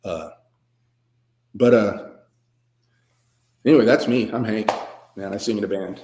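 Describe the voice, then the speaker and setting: A man's voice: lowish voice, measured pace, noisy background. A man, a veteran and guest musician, telling stories in a laid-back, rambling, self-deprecating way with many fillers. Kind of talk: casual storytelling interview. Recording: roomy echo.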